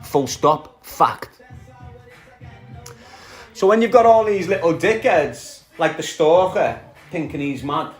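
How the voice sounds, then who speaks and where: A Scouse man talking into his phone on a livestream, voice pitched a little high and full of swagger. He swings between hard, profane trash talk and friendly greetings to viewers. Faint music plays behind him. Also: animated, slow, pauses often, husky. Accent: Liverpool Scouse. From Liverpool, England. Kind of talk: casual livestream rant.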